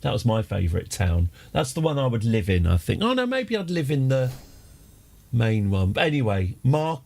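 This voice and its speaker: A man's voice: medium pitch, very animated, normal speed, gravelly, a little mellow. A man chatting casually as a game streamer, rambling through tangents with dry jokes. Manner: rambling, tangent-prone, dryly joking. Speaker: livestream gamer host.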